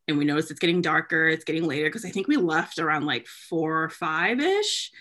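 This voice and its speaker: A young woman from New England telling a story in casual chat, animated, laughing and swearing, with lots of "like". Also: low-pitched, a little fast. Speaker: podcast co-host telling a story.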